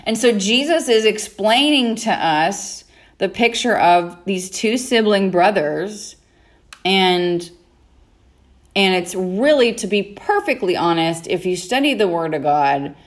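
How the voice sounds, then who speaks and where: A woman's voice: mid-range voice, animated, slow. A woman teaching on a Bible story in a chatty, casual way, laughing often and acting out the characters' lines. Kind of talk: casual sermon.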